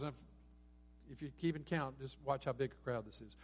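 A man's voice: mid-range voice, moderate pace, husky. A man preaching a sermon as pastor, earnest and rising to emphatic peaks, with frequent restarts. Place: church sanctuary.

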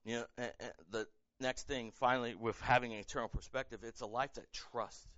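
Animated, bright-voiced male pastor preaching. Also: medium pitch, fairly quick, no room sound, muffled recording. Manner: animated, conversational, acts out quotes, many fillers and repeats. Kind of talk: sermon.

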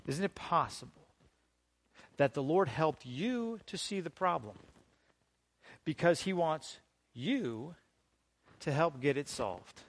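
A male pastor delivers his sermon with an animated, swooping voice that sits a little high for a man. He takes his time, stretching words and pausing before key phrases. His loudness surges and falls as he presses each point. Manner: emphatic preaching with wide swings in loudness and pitch; slow deliberate delivery with dramatic pauses.

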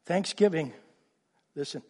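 A middle-aged man, a pastor, preaching a sermon in an animated way, swinging from emphatic lines down to quiet asides. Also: fairly high pitch, a little slow, husky.

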